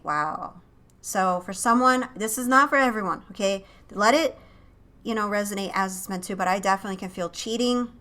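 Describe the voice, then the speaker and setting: A woman's voice: medium pitch, normal speed, sharp tone. A woman giving an intuitive tarot reading to camera, emotive and often breaking off to exclaim as impressions come to her. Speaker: tarot reader and psychic channel.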